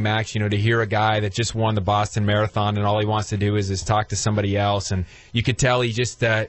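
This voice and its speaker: A man's voice: lowish voice, dry recording. A man hosting a podcast, upbeat and casual, with frequent "uh" fillers. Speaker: podcast host. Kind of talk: casual chat.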